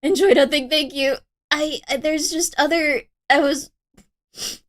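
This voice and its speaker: A woman's voice: sits high, steady tone, a little slow, fairly bright tone. A woman streaming live, talking casually to her chat in a gushing, rambling way that repeats itself.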